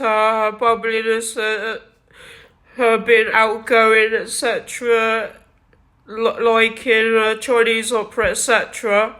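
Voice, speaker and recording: A vlogger, crying and sniffling while talking, halting and repeating themselves with many restarts, speaking into a wired earphone mic. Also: medium pitch, pushed and bright. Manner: halting, repetitive, many restarts and self-corrections. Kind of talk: emotional confessional vlog. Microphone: wired headset or earphone mic.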